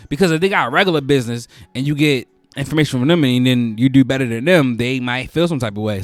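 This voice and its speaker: A man's voice: a little high, no room sound. A male host giving advice in a casual, preachy monologue, repeating phrases for emphasis.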